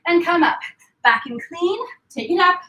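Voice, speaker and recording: A woman's voice: very high voice, animated, normal speed, bright, forceful tone, distant mic, highs cut off. A woman fitness instructor leading a class, telling a playful story and mixing it with exercise cues. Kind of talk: story-based workout class cueing. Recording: echoey room, voice from afar.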